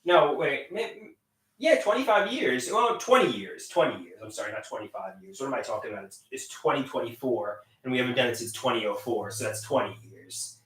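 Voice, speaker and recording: A goofy man rambling on a live stream in a bright, lively voice that jumps into shouts and silly songs. He sounds set back from the mic, in a room that echoes. His talk stays self-mocking and loose. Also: medium pitch, normal speed, recorded from a distance. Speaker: livestreamer.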